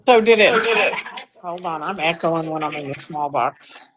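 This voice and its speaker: Woman on a live stream, low voice, short reactions, lots of background noise. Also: a little slow. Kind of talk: casual live stream chat.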